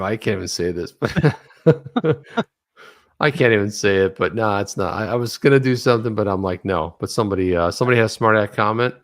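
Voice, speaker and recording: A man co-hosting a casual livestream chat, animated, telling stories and reading tweets aloud. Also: lowish voice. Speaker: co-host of a crypto news livestream.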